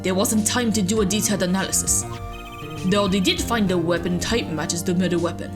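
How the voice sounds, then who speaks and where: A woman voicing a smug young male prosecutor who talks in a smooth, theatrical way. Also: on the low side, fairly quick, music in the background, lightly acted.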